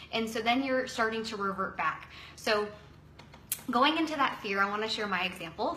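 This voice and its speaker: A woman in her thirties giving a chatty, energetic motivational coaching talk, acting out quotes in a higher voice. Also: echoey room, a little hiss or hum, rough recording. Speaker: wellness coach.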